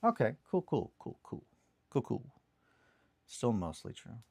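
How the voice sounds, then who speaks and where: A man's voice: medium pitch, huge pitch swings, unhurried, creaky, a little mellow, slightly rough, dry recording. A young man hosting a morning hobby show, telling a rambling story in a casual, self-deprecating way with the odd swear. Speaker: hobby stream host. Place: home hobby desk.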